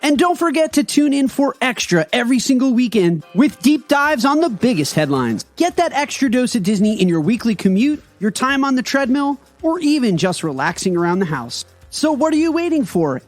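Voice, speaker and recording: A man's voice: very high-pitched, sing-song, normal speed, soft background music. A man reading a scripted podcast promo in an upbeat, salesy way.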